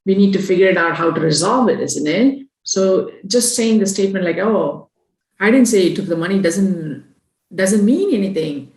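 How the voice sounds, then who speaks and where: A woman's voice: mid-range voice, animated, normal speed, a little mellow, roomy sound, poor audio. A woman taking part in a workshop discussion, questioning the example and reasoning it out aloud. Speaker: workshop participant. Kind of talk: discussion comment.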